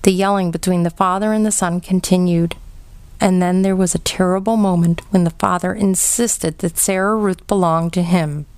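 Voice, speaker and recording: A woman reading a children's novel aloud in a gentle, measured storybook narration. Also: fairly low pitch, steady tone, clean tone, dry recording. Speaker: audiobook reader.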